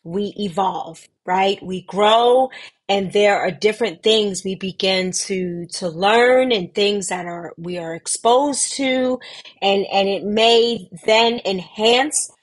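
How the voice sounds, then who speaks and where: A middle-aged woman hosts a casual livestream, her pitch sitting in a middle range. She talks at an unhurried, deliberate pace, stretching words out for emphasis. She greets viewers warmly and reads their comments aloud with affection. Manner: slow, drawn-out emphasis with lively pitch lifts. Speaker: host of a weekly community livestream.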